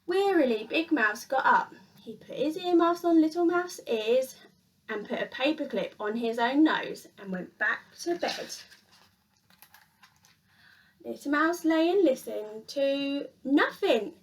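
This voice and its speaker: A woman reading a children's picture book aloud in an expressive, sing-song storyteller manner. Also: high voice, measured pace, distant mic.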